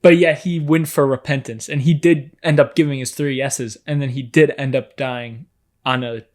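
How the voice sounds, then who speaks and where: A man's voice: medium pitch, fairly even intonation, moderate pace. A man on a podcast, talking casually and reflectively about faith, hesitant at the start of his thoughts. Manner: hesitant, restarts, then reflective. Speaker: podcast co-host.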